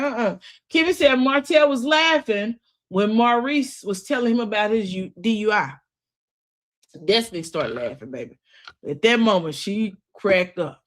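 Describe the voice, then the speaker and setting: Chatty woman gossiping through a recap. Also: fairly high pitch. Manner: chatty and expressive, retells scenes with sassy asides; breaks into laughter often. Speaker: reality TV recap vlogger. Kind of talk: casual gossipy recap commentary.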